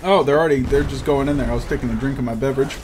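A man's voice: medium pitch, fairly even intonation, racing. Brief: young male gaming host, crude jokey play-by-play, easily annoyed, noisy background. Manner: profane, joking, easily frustrated. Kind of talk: casual gameplay commentary. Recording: audible background noise.

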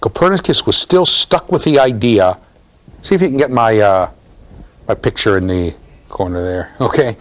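A man lecturing a university class in a lively, jokey way, talking straight to the students. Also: mid-range voice. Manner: animated, jokey, talks to students directly.

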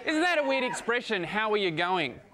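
A young Australian man doing a stand-up routine on stage, with dry, deadpan jokes. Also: high voice, a little fast, a loud crowd, very noisy. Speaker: stand-up comedian. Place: comedy stage before a live crowd.

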